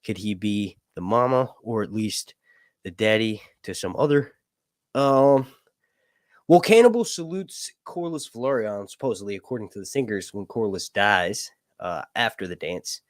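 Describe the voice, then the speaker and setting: A man's voice: on the low side, moderate pace, no echo, clean studio sound. A man hosting a casual livestream Q&A, rambling through fantasy lore and swearing casually. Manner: rambling, swears casually, asks "right?" often. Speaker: host of a livestream Q&A.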